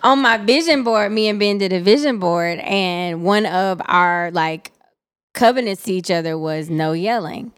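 A woman's voice: medium pitch, measured pace, smooth, dry recording, studio quality. A young adult woman co-hosting a podcast, talking candidly in casual chat and laughing often. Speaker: podcast co-host.

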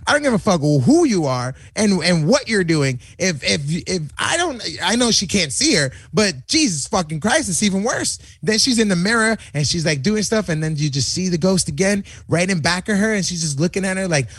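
A man with a high, very lively voice tells stories excitably, swearing as he goes and breaking into laughter. The sound is dry and close. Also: moderate pace, slightly rough, dry recording. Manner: excitable, profane, laughing storyteller. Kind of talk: casual chat.

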